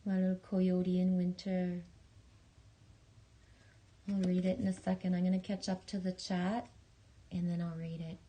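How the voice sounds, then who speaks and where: A woman hosting a casual livestream, reading viewer messages in a halting, rambling way, with many restarts and some swearing and affection for her viewers. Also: on the low side, little pitch movement, dark tone. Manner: affectionate, talking straight to viewers. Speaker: livestream host.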